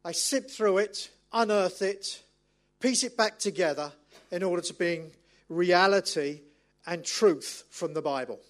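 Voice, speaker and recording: A middle-aged man, preaching a sermon as an animated, self-mocking storyteller. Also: sits high, a little slow.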